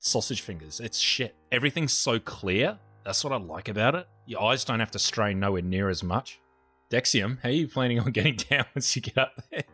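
Australian male host, lively pitch, bright voice, jokey and crude, faint music behind. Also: brisk, slightly rough. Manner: joking, swearing freely, laughs a lot. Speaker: host and streamer. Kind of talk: casual gaming chat with viewers.

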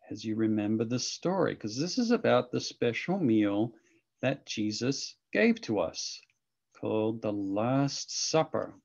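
A man leads a children's lesson over a video call with animated enthusiasm. His voice is gravelly and swings widely in pitch. The sound is dull and lo-fi. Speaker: children's ministry teacher.

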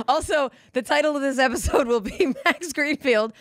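A woman hosting a podcast who chats in a lively, teasing way, laughs often, and reads the sponsor ads herself. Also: high-pitched, moderate pace, dry recording, studio quality. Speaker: podcast host. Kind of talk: casual chat and read ads.

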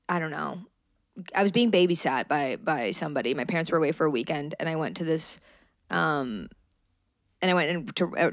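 A woman's voice: low voice, dry recording, clean studio sound. A woman co-hosting a podcast in casual chat, playful and teasing, with lots of fillers. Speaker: podcast co-host.

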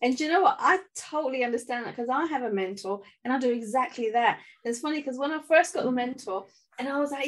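A woman's voice: sits high, fast talker. A woman hosting a business podcast, chatting casually and retelling her own stories with lots of "I'm like". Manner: chatty, quotes herself with "I'm like". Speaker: podcast host. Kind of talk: casual interview chat.

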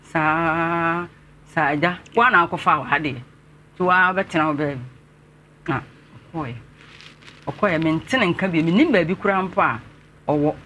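A man's voice: fairly high pitch, measured pace, pauses often, bright, forceful tone, slight background noise. A man with a Ghanaian accent, an interview guest telling his life story earnestly and politely to the host. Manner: earnest, respectfully addressing the host.

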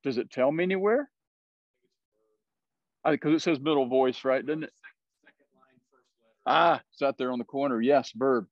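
A man's voice: medium pitch, a little slow, long pauses, no echo, highs cut off. A man with a Southern US accent teaching a Bible study, explaining words and often checking in with "right?".

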